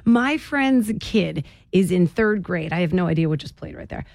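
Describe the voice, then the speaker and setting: A woman's voice: fairly low pitch, expressive, a little slow, gravelly, a little mellow, no room sound. A woman hosting a morning radio show, chatting with listeners in a bubbly way and laughing often. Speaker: radio host. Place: radio studio.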